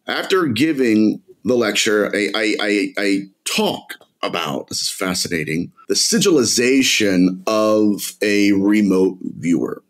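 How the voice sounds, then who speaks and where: A middle-aged man tells his story with dramatic intensity, his low voice rising and falling in wide, animated swings. He keeps leaning in toward the listener, calling them his friend. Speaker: podcast guest, demonologist author. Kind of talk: storytelling in an interview.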